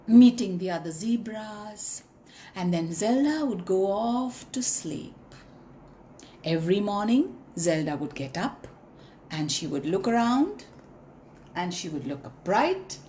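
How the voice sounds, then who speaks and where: A woman telling a story to children, expressive and inviting them to sing along. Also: medium pitch, slight background noise.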